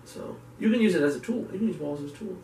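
A man co-hosting a podcast rambles through casual chat, restarting his sentences as he goes. His voice sits a bit high. He sounds distant from the mic, in a roomy space with a faint hiss behind him. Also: lively intonation, mellow. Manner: rambling, halting with many restarts and fillers. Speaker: podcast co-host. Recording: echoey room, off-mic, faint background noise.

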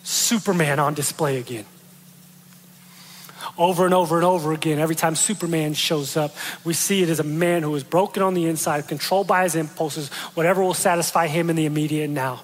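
A man preaching a sermon, retelling a story with animated delivery and acting out the quoted lines. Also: on the high side, fairly quick, long reverb tail. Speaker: pastor.

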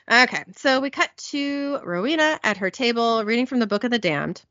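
Chatty young woman with lively pitch. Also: moderate pace, no echo. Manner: chatty, many "like"s and self-corrections, laughs often. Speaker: podcast host. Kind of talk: casual recap chat. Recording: dull lo-fi dry audio.

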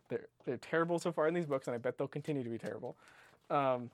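A man's voice: mid-range voice, fairly quick, dry recording. A man co-hosting a podcast, bickering casually with his friend, often laughing and teasing in exasperation. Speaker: podcast co-host.

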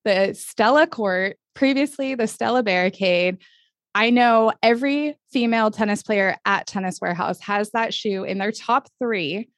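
A woman's voice: medium pitch, no room sound. Bubbly woman podcast host, dry sound. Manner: gushing, fast bursts with laughs. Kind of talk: upbeat casual interview.

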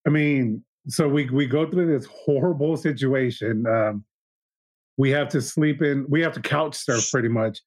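A man's voice: mid-range voice, unhurried, no room sound, low-quality recording. Reflective young man, dry close sound. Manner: reflective, with restarts and retold dialogue. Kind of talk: casual podcast conversation.

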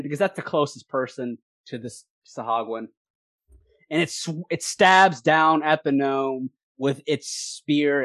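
A game master narrating a tabletop role-playing game in a lively, laughing way with quick asides. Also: medium pitch, no room sound.

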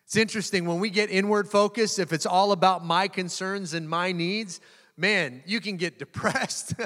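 A man's voice: high-pitched, steady tone, normal speed, a bit bright. A man preaching a sermon as a pastor, moving into spoken prayer and repeating words as he builds emphasis. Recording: long hall reverb.

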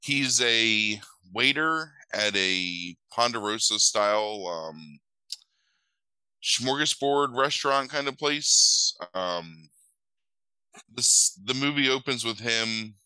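A man's voice: medium pitch, lively intonation, slow pace, bright, forceful tone, clean tone, no echo, poor audio. A man who is sick with a cold, recapping a film in casual, profane chat, rambling and correcting himself as he goes. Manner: rambling, crude, self-correcting retelling. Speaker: podcast co-host recapping a film.

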